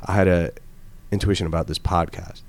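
Male podcast host, very low voice, quick animated storyteller. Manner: fast, animated storyteller, slangy. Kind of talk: casual chat.

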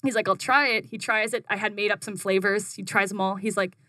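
Bright-voiced young woman telling a lively story. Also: fast talker, dry recording. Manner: animated, acts out her own quotes in a higher voice, frequent "like". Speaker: guest, food business founder. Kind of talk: casual storytelling interview.

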